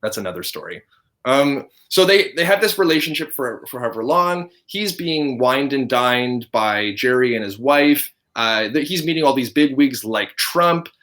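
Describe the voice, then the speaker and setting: A man's voice: mid-range voice, normal speed. A man in his thirties hosts a podcast and tells a long story in a loose, chatty way. He breaks off mid-sentence, restarts, and laughs as he goes. His voice rises and falls with the telling. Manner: animated storyteller, laughs often, self-interrupting. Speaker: podcast host. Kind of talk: casual storytelling chat.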